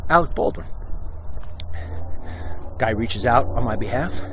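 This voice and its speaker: Animated New man telling stories. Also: mid-range voice, a little slow, a little hiss or hum. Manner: animated storytelling, mocking impressions. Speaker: host. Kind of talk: walk-and-talk vlog rant. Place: outdoors, walking.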